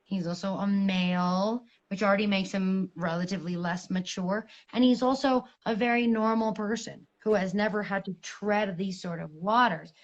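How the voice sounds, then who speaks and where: A woman's voice: medium pitch, moderate pace, few pauses. Woman, 30s, podcast guest on a dull-sounding remote line, candid and salty storyteller. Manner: frank, profane, animated. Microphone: remote video call.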